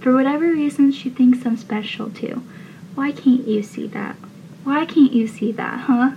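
A woman's voice: high-pitched, unhurried. A woman voicing a hurt teenage boy who pleads emotionally with his father, in a dull, lo-fi recording with faint hiss. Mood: pleading.

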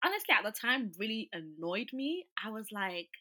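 Bright-voiced chatty young woman. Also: mid-range voice, normal speed. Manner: animated, chatty, lots of "like" and "you know". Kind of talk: casual storytelling chat.

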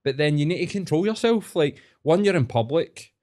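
A man's voice: a little high, moderate pace. A young man with a Glaswegian Scottish accent, telling stories in casual chat with heavy swearing. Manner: sweary, animated storytelling.

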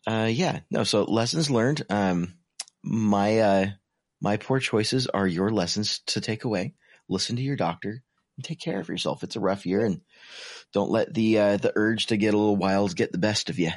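A man's voice: on the low side, moderate pace, dry recording, clean studio sound. A man in his twenties co-hosting a podcast, chatting casually and rambling with lots of fillers, sounding tired. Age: 20s. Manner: rambling, self-deprecating, many fillers. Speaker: podcast co-host. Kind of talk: casual chat.

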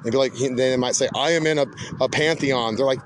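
A man's voice: mid-range voice, fast, slight background noise. A man hosting a podcast in a rambling, casual monologue, laid-back and swearing often, calling people "dude". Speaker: podcast host.

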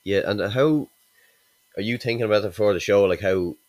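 A man hosts a podcast in a deep, low voice. He talks quickly and easily, nodding along with his guest. The sound is dry and close. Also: a little mellow, dry recording. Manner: quick, easygoing, agreeable. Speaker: podcast host. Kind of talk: casual podcast chat.

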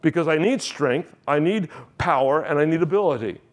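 A man's voice: on the high side, lively intonation, moderate pace. A man, a pastor, preaching a sermon with emphatic, repeated phrases and rising questions.

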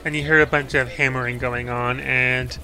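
Bright-voiced man narrating as game master. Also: medium pitch, flat delivery, moderate pace, a little hiss or hum.

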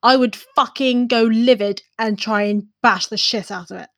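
High-voiced blunt woman player. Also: steady tone, normal speed, vocal fry, a bit bright, no echo, clean studio sound. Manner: blunt, swearing, emphatic. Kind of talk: casual tabletop play.

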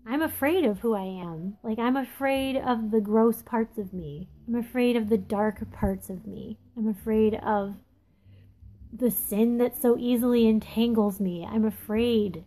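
A woman in her thirties with a candid, confessional way of talking, reflecting aloud in a casual monologue and pausing often with ums. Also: fairly high pitch, darkish tone. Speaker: podcast host. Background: phone texting interruptions.

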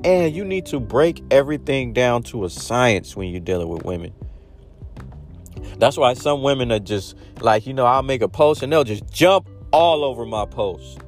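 A man talks straight to camera in a casual monologue. His pitch swings lively up and down as he tells blunt stories and acts out both sides of a conversation. His delivery is animated and unfiltered, with faint music underneath. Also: normal speed. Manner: blunt, animated storytelling with acted-out quotes. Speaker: vlogger giving dating advice.

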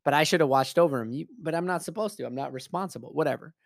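A man's voice: on the high side, very fast, gravelly, dry recording, studio quality. A man telling a story in a casual, blunt way, swearing often and speaking with emphasis.

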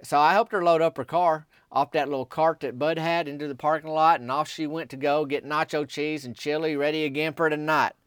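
A man's voice: fairly high pitch, fairly even intonation, fairly quick, few pauses, fairly bright tone, clean tone, no room sound, clean studio sound. Rambling folksy young man. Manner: rambling, folksy, drawling storytelling. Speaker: comic character monologuist. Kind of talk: comedic character monologue.

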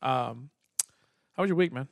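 A man's voice: medium pitch, normal speed, vocal fry, dry recording. A middle-aged man hosting a podcast, joking and teasing in casual chat with a laid-back, slightly mumbled voice. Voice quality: mumbly, relaxed voice. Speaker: podcast host. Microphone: studio microphone.

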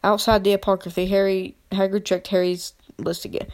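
A woman's voice: mid-range voice, level tone, a little fast. A woman reading a novel chapter aloud in an unpolished way, with frequent slips and restarts. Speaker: reader.

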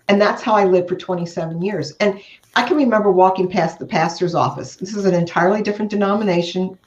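An older woman with a lowish voice speaks in an earnest, measured way. Her audio is muffled and sounds like it bounces around a hollow room. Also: darkish tone. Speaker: guest, author. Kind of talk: interview. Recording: echoey, muffled remote audio.

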